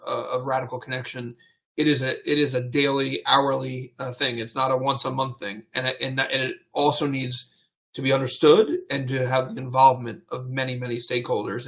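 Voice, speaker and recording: Man, co-presenter, flat even delivery, measured explaining, lots of fillers. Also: mid-range voice. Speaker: co-author presenting on fundraising. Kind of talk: webinar presentation.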